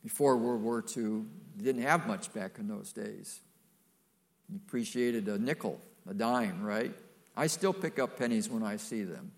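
Older man preaching, gravelly voice, unhurried delivery, folksy and emphatic. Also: lowish voice. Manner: folksy and emphatic, with playful asides to the congregation. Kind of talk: sermon.

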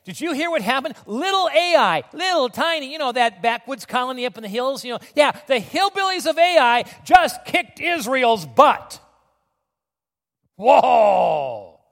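A man voicing a smug, chatty neighbor spreading mocking gossip, pitched higher than his own voice. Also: very animated, drawn-out words, creaky, long pauses, big-room sound, exaggerated voice.

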